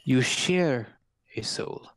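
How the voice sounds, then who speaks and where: A man voicing an old female fortune-teller, speaking in slow, theatrical, ominous pronouncements. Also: medium pitch, lively intonation, fairly bright tone, no echo, poor audio. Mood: cryptic.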